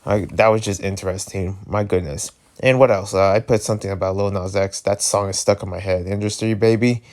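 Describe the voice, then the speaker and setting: A man's voice: sits low, steady tone, a little fast, a little mellow. A man with a New Jersey accent, chatting casually and rambling on a vlog, often restarting and joking. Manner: rambling, self-interrupting, joking. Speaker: YouTuber. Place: hotel room.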